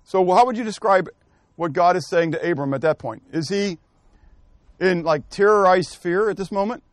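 Speaking at a moderate pace in a voice that sits high, this man runs a Bible study where he questions the class, names who should answer, and works through his thoughts with self-corrections. The recording is dry and studio quality.

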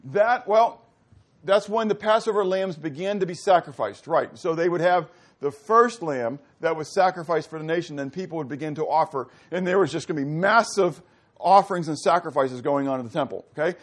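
A man's voice: fairly high pitch, a little fast. A man preaching a sermon, teaching animatedly and putting questions to his listeners. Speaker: pastor.

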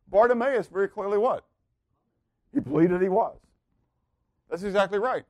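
A man with a high voice leads a Bible class, quizzing his listeners and waiting on their replies. He swings from loud emphasis down to near-murmured asides. The sound is dry and close. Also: animated, fairly quick, pauses often, no room sound. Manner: asks the class questions and waits for answers. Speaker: Bible teacher. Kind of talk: interactive Bible teaching.

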